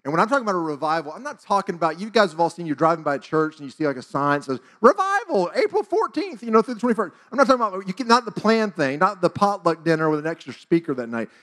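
A man in his forties shares a church testimony in a lively, casual voice and acts out every line of dialogue. His voice sits higher than most men's. The talk sounds loose and conversational. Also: racing, few pauses. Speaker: church speaker. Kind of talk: testimony storytelling.

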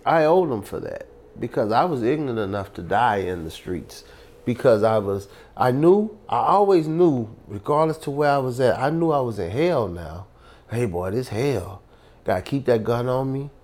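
A man's voice: mid-range voice, big pitch swings, moderate pace, a little mellow. A man from Louisiana telling his life story in an interview with emphatic, preacherly, streetwise delivery. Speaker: guest.

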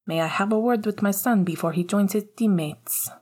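A woman's voice: medium pitch, moderate pace, a little mellow, slightly rough, natural voice. A woman voicing a cold, controlling upper-class mother who speaks in a clipped, icy way. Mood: coldly polite.

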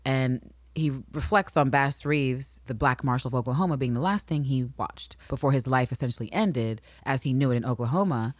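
A woman's voice: very deep voice, fairly quick, hardly any pauses, no echo. A woman co-hosting a casual recap podcast, acting out characters with big swings in her voice. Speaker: podcast co-host.

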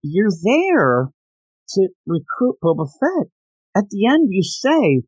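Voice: mid-range voice, wildly swooping pitch, slow, a little mellow, slightly rough, dry recording. A podcast co-host in casual chat, animatedly retelling comic panels and joking about them.

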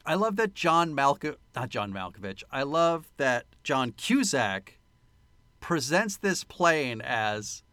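A man's voice: medium pitch, big pitch swings, slow, a bit bright, clear, resonant tone, no echo. A man co-hosting a podcast, chatting casually and joking about a movie, laughing often. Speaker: podcast co-host. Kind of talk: casual movie-review chat.

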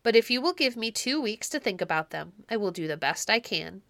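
A woman's voice: medium pitch, expressive, a little fast, gravelly, a bit bright, dry recording. A woman reading an audiobook story and voicing a humble, frightened male abbot who speaks in a pleading, anxious way.

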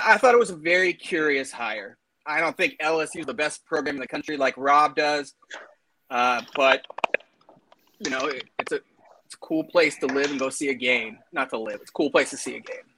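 A man's voice: on the high side, sharp tone, a little hiss or hum, low-quality recording. A man co-hosting a casual sports talk show, opinionated and laughing as he argues his points. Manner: opinionated, laughs while arguing. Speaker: co-host.

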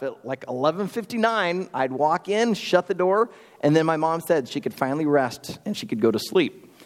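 Young male pastor, lively conversational sermon, fairly high voice, church hall reverb. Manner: animated storytelling, lively and conversational. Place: church sanctuary.

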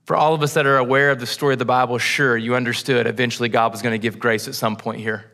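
A young man preaching a sermon as pastor, earnest, pausing for emphasis through long lists. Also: mid-range voice, fairly even intonation, sharp tone. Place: church sanctuary.

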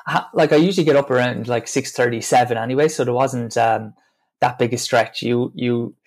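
An Irish man talks as a podcast guest in a mid-pitched voice. He speaks in a relaxed, easygoing way, pausing now and then on fillers. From Ireland. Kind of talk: casual interview chat.

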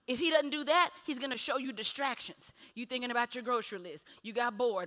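A woman preaching a sermon, animated, with punchy repeated refrains and laughing between lines. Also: fairly high pitch, brisk, few pauses. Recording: long hall reverb.

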